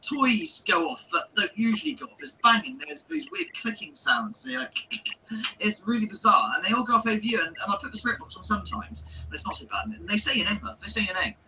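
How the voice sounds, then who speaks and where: Man venting in a furious, mocking monologue; piercing bright tone, faint noise on a distant mic. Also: sits high, expressive, brisk. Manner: heated, sweary, sarcastic. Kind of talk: angry ranting video monologue.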